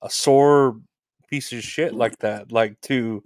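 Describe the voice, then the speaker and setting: Guy hosting a chill interview, kinda rambly, mid pitch, dry close sound. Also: slow pace, no echo. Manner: rambling, restarts, swears casually. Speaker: podcast host. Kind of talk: casual interview chat.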